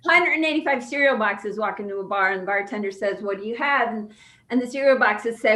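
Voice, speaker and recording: A woman improv player telling a quick playful joke in an online match. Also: medium pitch, sharp tone.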